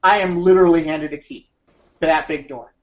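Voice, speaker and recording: A man's voice: a little high, a little fast. Man telling a rambling radio-days story. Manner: animated, rambling anecdote with frequent restarts. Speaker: podcast co-host. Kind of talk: casual storytelling chat. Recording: slightly muffled podcast audio.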